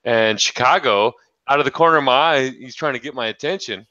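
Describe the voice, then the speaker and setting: A man's voice: medium pitch, brisk, no room sound, muffled recording. A man hosting a casual podcast, telling a story with lots of swearing and laughing. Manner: profane, animated storyteller, laughs often. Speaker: podcast host.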